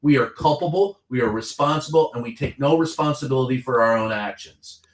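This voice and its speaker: Speaking briskly in a mid-range voice, a longtime White House correspondent from Kentucky joins as a guest for heated political talk. He's blunt and profane as he spins his stories, and the audio has a roomy quality.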